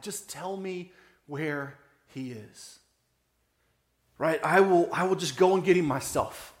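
In a reverberant space, a pastor gives a sermon in a conversational style. He keeps checking in with "right?" and drops soft and low for the emotional parts.

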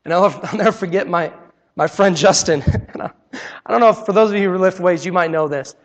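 A young man preaching a sermon, telling a personal story with animated, acted-out scenes. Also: high voice, a little fast, big-room sound.

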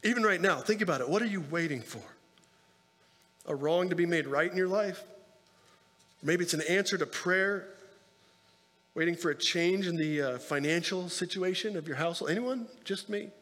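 Pastor, man, high-pitched, casual preaching style, recorded with a long reverb tail. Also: normal speed, pauses often, fairly bright tone. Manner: conversational preaching with asides and rhetorical questions. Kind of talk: sermon.

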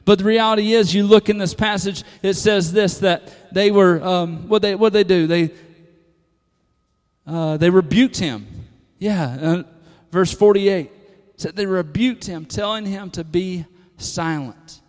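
A man preaching a sermon to a congregation, moving from hushed lines to loud, emphatic calls. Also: high voice, a little slow. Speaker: pastor. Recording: long hall reverb.

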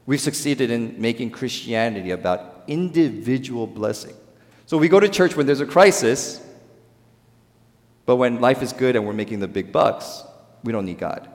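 A man's voice: medium pitch, very animated, normal speed. Korean-born male pastor preaching in a reverberant hall. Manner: emphatic, swings between loud stresses and quiet drops; acts out quoted voices in dialogue. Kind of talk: sermon.

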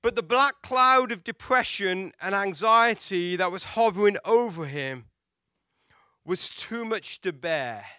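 A pastor preaching a sermon in a high, bright voice with a smooth, clear tone. He tells stories and asks his listeners questions. He swings from loud, emphatic lines to hushed, quiet ones, recorded dry and close. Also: lively intonation, slow pace, dry recording. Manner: dramatic swings between loud and hushed delivery; storytelling with rhetorical questions to the congregation.

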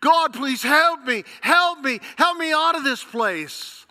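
A high, strained cry from a desperate man hanging off a cliff edge, as a preacher puts him on. He pleads loudly and frantically, and his voice rings bright and piercing through a long reverberant church hall. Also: animated, measured pace, heavily acted. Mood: frantic pleading. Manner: frantic, pleading cries for help.

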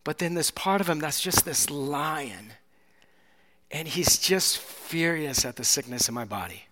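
A male pastor preaching a sermon with passion, swinging from soft, hushed moments to loud, climactic peaks. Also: on the high side, lively intonation, unhurried, noisy background. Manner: impassioned, builds to loud climaxes, drops to soft near-whispers. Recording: long hall reverb.

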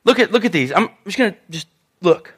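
A man preaching a sermon in church, talking in an animated, conversational way with asides to the congregation. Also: high-pitched, a little fast, husky. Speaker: pastor.

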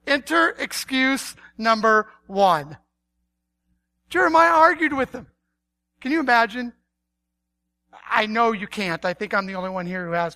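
A woman preacher, a parent, delivering a sermon and animatedly acting out conversations with God. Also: mid-range voice. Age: adult parent. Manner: animated, acts out dialogue with God.

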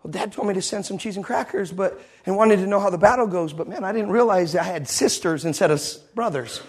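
A brash young shepherd boy with a mocking, boyish swagger, loud and pitched high, as a preacher acts him out mid-sermon. The voice is husky and a little rough. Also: a little fast.

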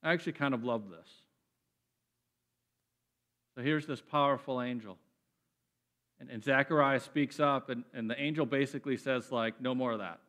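A man preaching a sermon, animated and emphatic, often repeating words as he builds up. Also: medium pitch, normal speed, pauses often. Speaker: pastor.

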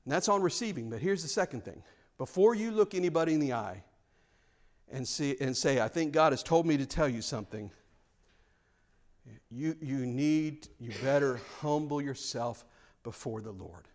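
A man's voice: mid-range voice, expressive, normal speed. A male pastor preaching a sermon in an earnest, frank way, often repeating words as he presses a point.

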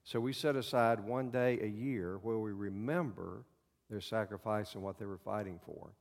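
A male pastor preaching a sermon to his congregation in a church, in a folksy, halting way with many fillers. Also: fairly low pitch, creaky, darkish tone, in a large hall. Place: church sanctuary.

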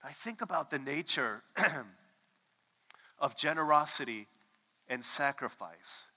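High bright preacher in a reverberant hall. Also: male voice, slow pace, husky. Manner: animated storytelling, acting out phone calls. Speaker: pastor. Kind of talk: sermon.

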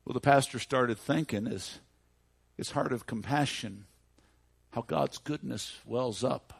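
A man preaching a sermon, telling an illustrative story dramatically and slowing down for emphasis. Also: medium pitch, creaky, breathy edge, no room sound.

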